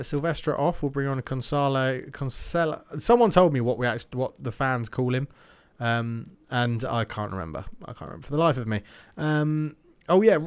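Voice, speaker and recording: A young man talks his way through a football video game in a relaxed, chatty flow. He thinks aloud as he plays and drifts into mock match commentary, his pitch sitting in an ordinary middle range. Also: clear, resonant tone. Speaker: gaming YouTuber. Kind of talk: casual gameplay commentary.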